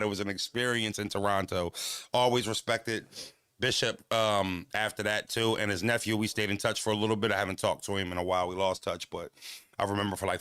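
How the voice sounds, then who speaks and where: A man's voice: lowish voice, sharp tone, smooth, no echo, clean studio sound. An American man from Pennsylvania telling a story in casual chat, swearing often and laughing as he acts out the voices of others.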